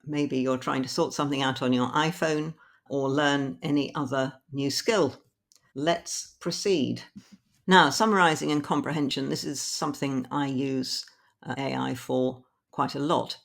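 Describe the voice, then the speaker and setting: British woman presenter with a creaky voice. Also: a bass voice, steady tone. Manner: plain, explanatory, reads typed prompts slowly aloud. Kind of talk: screen-recorded tutorial.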